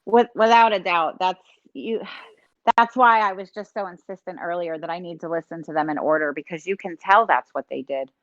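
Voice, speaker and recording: A woman's voice: on the low side, moderate pace, no room sound. Emphatic woman panelist on dull, dry audio. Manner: emphatic and insistent. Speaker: podcast panelist. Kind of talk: casual chat.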